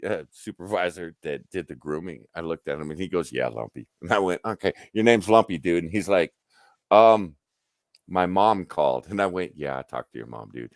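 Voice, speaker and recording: A man's voice: sits low, normal speed, no room sound, studio quality. A middle-aged man casually telling work stories on a livestream, swearing freely and acting out what people said. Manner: profane, animated storyteller acting out quotes. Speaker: livestream host. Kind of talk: casual storytelling chat.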